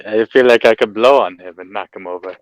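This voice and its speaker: A man's voice: lowish voice, quick pace, no echo, rough recording. A man playing a tabletop role-play game, cocky and teasing in character. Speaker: player.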